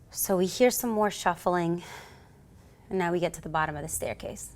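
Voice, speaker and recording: A woman's voice: on the low side, moderate pace, pauses often. A woman from the United States with a New York accent, a police officer telling a story as an interview guest and acting out the voices in it. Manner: acts out voices in her stories, lively and theatrical. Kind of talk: animated storytelling.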